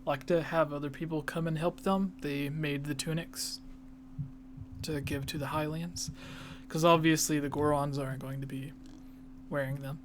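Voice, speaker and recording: A podcast host in relaxed casual chat, leading the talk and reading listener questions aloud. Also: medium pitch, normal speed, slight background noise.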